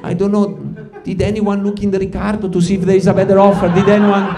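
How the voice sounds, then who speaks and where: Talking quickly in a high-pitched, level voice, a stand-up comic from Ticino, Switzerland, rambles through his set on stage. He keeps breaking off mid-sentence and calls the live audience "guys."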